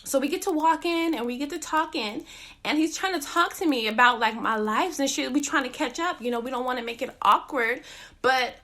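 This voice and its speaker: A young podcast host tells a story in a casual monologue. Her voice sits high and sounds sharp and bright. She swears freely and acts out every quote with lively energy. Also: a little fast. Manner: profane, animated, acts out quotes.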